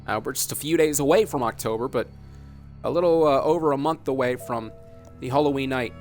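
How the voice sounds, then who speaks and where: A man's voice: medium pitch, a little fast, a little mellow, faint music behind. A man hosting a dramatic commentary vlog, talking emphatically, repeating himself and asking rhetorical questions. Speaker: host.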